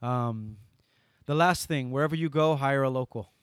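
A man, a guest on an interview podcast, telling lively stories and acting out the dialogue. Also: mid-range voice, moderate pace, clean tone, dry recording, studio quality. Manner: lively storyteller, acts out dialogue. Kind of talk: casual interview storytelling.

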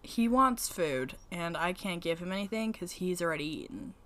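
Bright-voiced teasing woman co-host. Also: lowish voice, animated, moderate pace. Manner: teasing, blunt, swears casually. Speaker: podcast co-host. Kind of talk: casual podcast chat. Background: dog whining.

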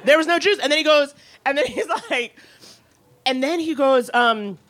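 A woman co-hosting a comedy podcast, telling a story in a sassy, animated way with laughing asides. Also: high voice, normal speed. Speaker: podcast co-host.

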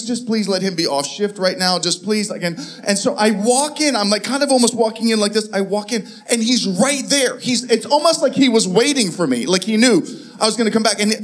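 High-voiced man telling a sermon story. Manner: animated storytelling, acting out both sides with many restarts.

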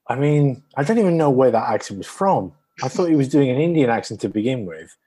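A man's voice: mid-range voice, big pitch swings, normal speed, a little mellow, husky. A Welsh man co-hosting a podcast, guessing with lots of fillers and joking along. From Wales. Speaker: podcast co-host. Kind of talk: casual podcast chat.

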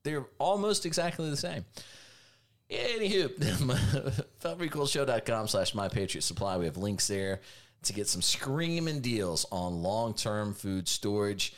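Animated sarcastic male podcast host. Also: medium pitch, a little slow. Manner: sarcastic, jokey, animated delivery. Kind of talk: casual podcast banter with ad reads.

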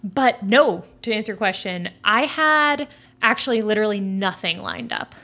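Brief: woman in her thirties, podcast guest, crisp bright tone, easy laughing chat. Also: medium pitch, expressive, normal speed. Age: 30s. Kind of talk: casual podcast conversation.

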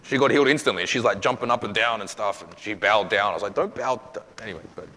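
A man, a pastor, answering questions from his congregation in a casual, animated way, acting out little quoted exchanges. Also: lowish voice, very fast, in a large hall. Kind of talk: church Q&A teaching.

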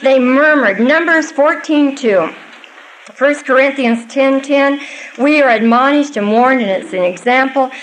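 A woman's voice: high-pitched, measured pace, a little hiss or hum, rough recording. An older woman giving a Bible teaching to a live audience, earnest and conversational with small asides.

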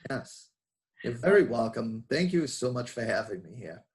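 A man with a Boston accent talks as a guest on an interview podcast. He speaks casually and reflectively, often pausing with fillers and restarting his sentences. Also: medium pitch, sing-song.

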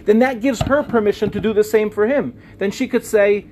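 Speaking to a live audience, a high-voiced man who talks about relationships tells a story from that world. He goes a little fast with few pauses, slips into softer voices for quoted lines, and there's slight background noise.

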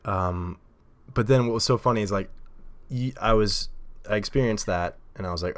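A man's voice: low-pitched, fairly quick, gravelly. A man hosting his own podcast, rambling casually with lots of fillers and frequent laughs into a desk mic. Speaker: podcast host. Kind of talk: casual solo podcast monologue. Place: home recording setup at a table.

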